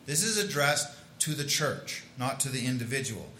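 A man's voice: medium pitch, normal speed, a bit bright, a little hiss or hum. Man preaching in an echoey church. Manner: conversational preaching with restarts and asides. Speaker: pastor. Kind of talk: sermon.

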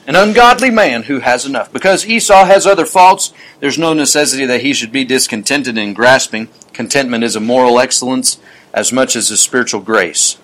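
A man preaching a sermon, reading quotations aloud and adding chuckling asides. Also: mid-range voice. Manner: reads quotes aloud with warm asides and chuckles.

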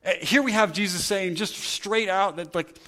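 A man's voice: sits high, moderate pace, pushed and bright. A man preaching a sermon in a conversational way, thinking aloud and often restarting his sentences. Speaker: pastor.

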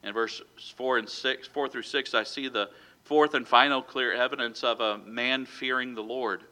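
A man's voice: mid-range voice, steady tone, moderate pace, pushed and bright. A man preaching a sermon in a conversational way, with frequent fillers and self-corrections. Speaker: pastor.

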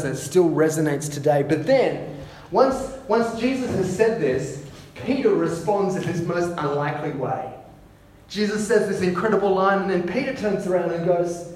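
A man preaching a sermon, often repeating words as he goes and dropping to soft, hushed tones. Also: high voice. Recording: echoey room with faint ambience.

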